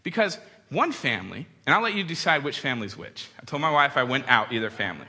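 A man in his thirties giving a humorous storytelling talk to an audience, animated and acting out quoted voices. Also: mid-range voice, quick pace. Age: 30s. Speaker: speaker addressing an audience. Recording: long hall reverb.

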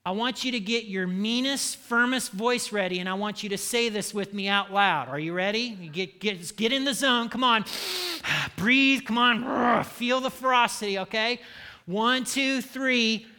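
Male preacher, high and bright, punchy and funny, call-and-response sermon. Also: measured pace, clear, resonant tone. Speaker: pastor.

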